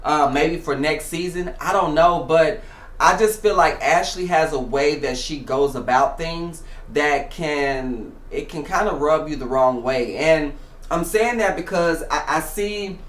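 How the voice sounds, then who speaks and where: A man's voice: fairly high pitch, unhurried. A man hosting a show, giving casual reality TV commentary in a chatty way, with many fillers and restarts. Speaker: show host. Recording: echoey room.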